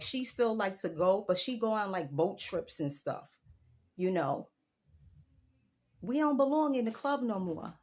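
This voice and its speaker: A vlogger in her forties rants casually to her viewers, sharing her opinion through a story. Her mid-range voice is emphatic and drawn out, with big jumps in pitch.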